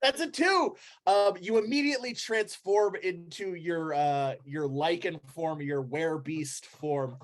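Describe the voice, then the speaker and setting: A playful, excitable game master narrating a comedic tabletop game. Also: mid-range voice, a little slow, few pauses.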